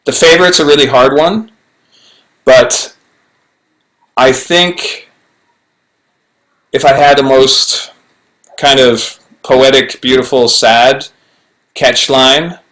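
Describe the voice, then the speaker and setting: A middle-aged actor chatting alone to a webcam during a fan Q&A, playful and rambling with self-mocking asides, recorded on low-quality livestream audio. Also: male voice, steady tone, slow pace, pauses often, fairly bright tone. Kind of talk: casual chat to webcam. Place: home, alone in front of a camera.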